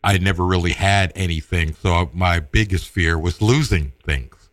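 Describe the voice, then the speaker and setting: A man casually telling a personal story, animated and acting out the voices of the people in it. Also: low voice, moderate pace, dry recording. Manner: animated, acts out quoted voices.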